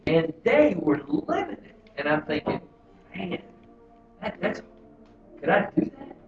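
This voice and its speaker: A man in a men's Bible group sharing his thoughts casually, thinking out loud in a reflective way. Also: high voice, very animated, a little slow, music in the background. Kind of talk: casual testimony. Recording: far-off echoey lo-fi room recording.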